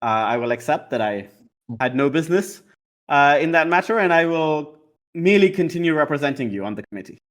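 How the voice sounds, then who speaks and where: Casting note: haughty lawyer, formal and condescending, slightly high voice voiced by a man. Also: expressive, brisk, a bit bright. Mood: imperious. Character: imperious smooth-talking male lawyer.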